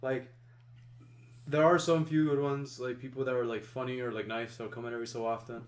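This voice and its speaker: A man's voice: mid-range voice, little pitch movement, brisk. A man co-hosting a podcast, telling stories in a casual, rambling way full of "like" and restarts. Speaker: podcast co-host. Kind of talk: casual storytelling chat. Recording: roomy echo.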